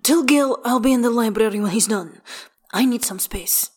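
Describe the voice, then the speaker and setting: A woman voicing a sharp-tongued male vampire elf in a fan fiction reading, clipped and cursing under his breath. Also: a little high, moderate pace, slightly rough, voice pushed up. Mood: curt.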